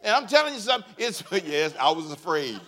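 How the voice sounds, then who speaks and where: A man preaching a sermon as pastor, animated and folksy, leading the congregation in call-and-response and laughing at his own stories. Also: high-pitched.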